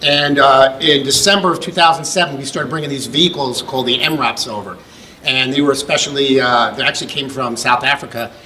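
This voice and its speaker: Speaking a little fast in a pushed, bright, mid-range voice, a middle-aged man from the United States presents an award at a ceremony in a function room. His storytelling speech is a long, rambling anecdote with many restarts and fillers, heard through a rough recording with slight hiss or hum.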